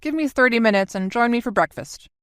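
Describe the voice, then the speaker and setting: A woman's voice: on the high side, animated, brisk, clear, resonant tone, dry recording, studio quality, voice pushed up, natural voice. A woman reading the lines of a young man who is tired and dryly joking, in an audiobook. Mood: wry. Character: young male traveler, tired and wry.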